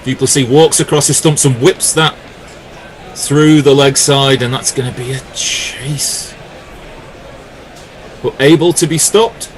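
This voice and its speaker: A man giving live ball-by-ball cricket commentary, with lively calls and jokey banter with his co-commentator. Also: medium pitch, measured pace, long pauses, slight background noise.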